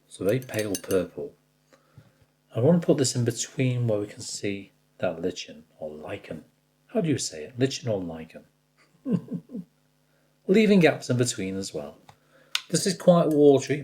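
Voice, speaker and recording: Male art tutor, warm and lively, chatty teaching manner. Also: medium pitch. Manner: chatty, addresses the viewer directly, jokes at his own slips. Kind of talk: step-by-step painting tutorial.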